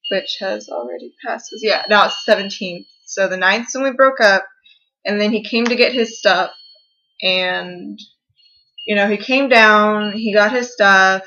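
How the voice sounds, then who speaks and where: A woman's voice: medium pitch, sharp tone, lo-fi sound. Tearful young woman rambling in her bedroom. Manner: rambling, halting, with many fillers and restarts. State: tearful, upset. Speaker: vlogger. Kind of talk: confessional vlog.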